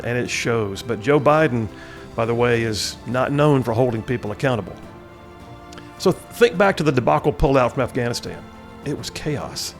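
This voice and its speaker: A man delivers a scripted political monologue at a middle pitch, his voice carrying a gravelly fry. He presses his points with rhetorical questions and drops folksy asides along the way. Faint music plays underneath. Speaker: political commentary host.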